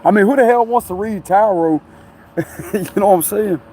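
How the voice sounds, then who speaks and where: A man's voice: sits high, normal speed, warm tone, a little hiss or hum. A man chatting loosely on a live stream, rambling, laughing often and tagging lines with "you know what I'm saying". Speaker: tarot reader streaming live. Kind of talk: casual live-stream chat. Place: outdoors near a tree and traffic.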